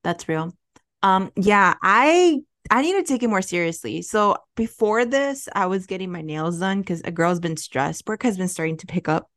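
A young woman from Chicago co-hosts a casual podcast from her apartment. She tells stories with lots of energy and swears freely. She slips into quick impressions of the people she describes. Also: mid-range voice. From Chicago area. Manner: animated storyteller, swears freely, acts out quoted people. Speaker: podcast co-host. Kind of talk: casual chat. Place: apartment near a window.

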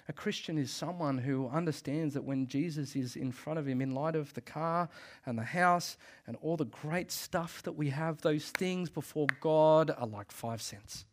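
A man's voice: on the high side, unhurried. A man giving a sermon as a pastor, emphatic, often repeating phrases and laughing briefly.

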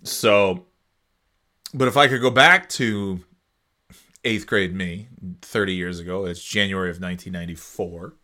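A man's voice: low-pitched, measured pace, long pauses, pushed and bright. A man in his forties chatting casually and alone as a podcast host, rambling and sarcastic, slipping into silly voices. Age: 40s. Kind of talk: casual solo chat.

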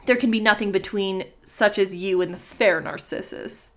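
A woman's voice: mid-range voice, moderate pace, lightly acted. A woman voicing a vain, beautiful young man from a myth, raised and exclaiming as she reads his lines aloud. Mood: scornful.

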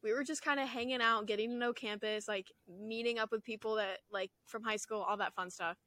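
A young woman in college co-hosting a casual podcast chat, animated and laughing, swearing freely. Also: fairly high pitch, fairly quick, no echo. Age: young adult. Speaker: podcast co-host.

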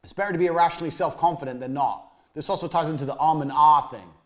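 Blunt, swearing man teaching a course. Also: fast talker. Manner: blunt, swears, emphatic repetition; drops to a low trailing tone at phrase ends. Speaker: course instructor. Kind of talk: motivational business lesson.

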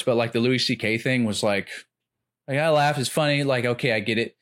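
A man chatting casually about comedy, rambling with lots of filler words and getting animated when he retells jokes. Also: mid-range voice, normal speed. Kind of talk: casual chat.

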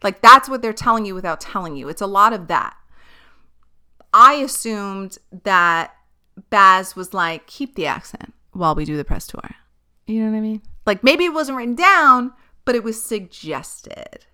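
A woman's voice: medium pitch, expressive, a little slow, pushed and bright, clean tone. A woman hosting her own podcast, chatting candidly and animatedly on her own and swearing freely. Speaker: podcast host. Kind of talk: casual solo podcast chat.

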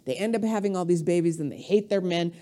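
A middle-aged woman comedian ranting on a podcast, profane and rambling, with sudden jumps in pitch. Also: fast, dark tone. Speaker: comedian guest.

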